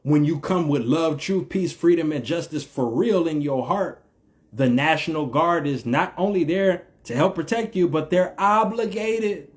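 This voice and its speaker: A man's voice: on the high side, unhurried. A man from the United States giving an emphatic, repetitive spiritual monologue in a vlog, in slangy speech with a preacher-like cadence. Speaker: vlogger.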